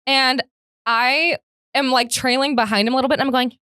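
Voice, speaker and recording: A woman's voice: high voice, fairly quick, clean tone, no room sound, clean studio sound. A woman co-hosting a podcast, telling a story with acted-out quotes and frequent laughter in casual chat. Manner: animated storyteller acting out quotes, laughs often. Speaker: podcast co-host.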